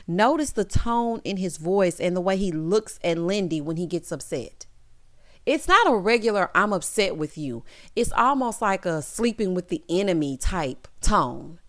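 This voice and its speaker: A woman giving a sassy, casual recap of a reality show, mimicking the cast as she goes. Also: medium pitch. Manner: sassy, animated, quotes cast members in mock voices.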